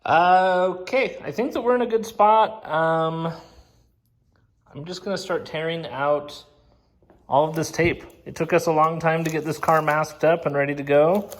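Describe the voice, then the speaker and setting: A man chatting casually and excitedly as he shows his car restoration work, joking along the way. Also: fairly high pitch, measured pace. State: out of breath. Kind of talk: casual vlog commentary.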